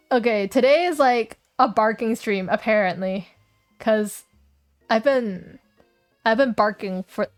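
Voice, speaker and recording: Giggly high-voiced young woman streamer. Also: a little mellow, no echo. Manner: giggly, chatty, playful. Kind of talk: casual game stream, reading game text aloud.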